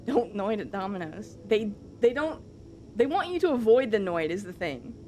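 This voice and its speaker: A woman's voice: mid-range voice, very animated, moderate pace, warm tone, slight background noise. A woman streamer chatting casually with her live audience, rambling along with lots of fillers and the odd swear.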